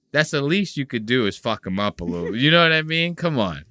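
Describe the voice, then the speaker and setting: Bright, crisp male host, dry close sound, crude jokey banter. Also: medium pitch, brisk, no room sound. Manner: profane, joking, animated. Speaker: podcast host. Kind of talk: casual podcast banter.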